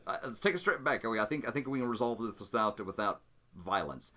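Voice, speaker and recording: A man voicing a calm adult male hero in a solo tabletop game who pleads for peace with stammering restarts. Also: on the low side, fast. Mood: placating.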